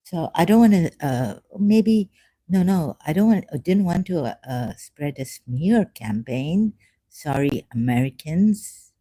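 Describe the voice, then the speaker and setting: Slow, very dark-voiced rambling vlogger. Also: mid-range voice, animated, dry recording. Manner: sarcastic, halting, with frequent fillers; self-mocking, laughs often. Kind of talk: rambling monologue.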